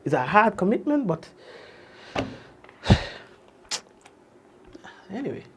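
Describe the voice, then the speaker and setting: A man with a Grenadian accent hosting a news show, reading notices and adding relaxed asides with fillers. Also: high voice, slow pace, slight background noise. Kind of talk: casual news reading with commentary.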